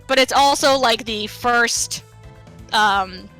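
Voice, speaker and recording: A woman's voice: a little high, slow pace, a bit bright, soft background music. A woman speedrunner giving casual, chatty live commentary on a role-playing game, with lots of fillers and a playful tone.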